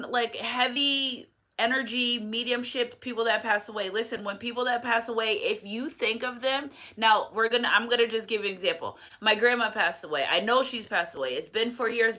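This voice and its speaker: A woman in her thirties talks through a spiritual reading as a medium. Her voice is bright and sits a little high. She rambles, restarts often and turns emotional, checking in with "okay?" along the way. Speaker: tarot reader and medium. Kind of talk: casual spiritual reading monologue.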